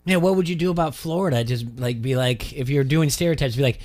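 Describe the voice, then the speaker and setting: A man's voice: mid-range voice, fast talker, darkish tone, faint music behind. A young man co-hosting a sports talk radio show, easygoing and teasing in casual banter.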